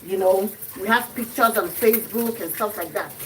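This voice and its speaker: Lively Nigerian woman telling a story. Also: mid-range voice, normal speed, a little hiss or hum, poor audio. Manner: lively, acts out quotes, mixes in pidgin. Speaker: livestream host. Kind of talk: chatty storytelling. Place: home kitchen.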